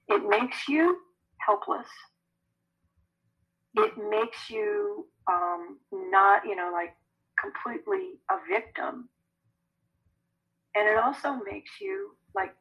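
A woman who works as an energy healer, answering podcast interview questions in a chatty, animated way. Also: medium pitch, slightly rough, poor audio. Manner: animated, conversational, laughs often.

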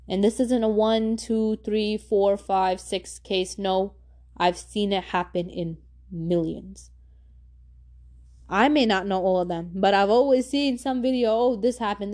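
A woman's voice: mid-range voice, dark tone. A young woman hosting a podcast, giving casual advice in a slangy, emphatic way and repeating points for stress. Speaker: podcast host.

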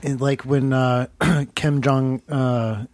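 A man's voice: medium pitch, steady tone, slow, a little mellow, no echo. A man with a mid-range voice hosts a comedy podcast. His talk is loose and rambling, and it sits dry and close to the mic. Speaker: podcast host. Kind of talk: casual comedy podcast banter.

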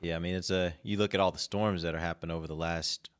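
A man's voice: low voice, fairly even intonation, fast talker, clear, resonant tone. A man hosting a casual sports talk show, easygoing and teasing his co-hosts. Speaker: podcast host.

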